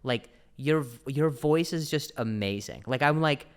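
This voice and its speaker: A man's voice: mid-range voice, unhurried, clean tone. A man hosting a podcast who talks with a stutter in a casual chat. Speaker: podcast host.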